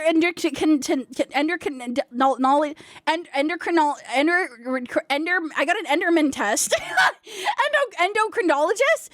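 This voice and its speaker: A young woman streaming, chatting casually in a rambling, excitable way and often dissolving into laughter. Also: very high voice, no echo, clean studio sound. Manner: giggly, rambling and excitable, breaks into laughing shrieks. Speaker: VTuber streamer.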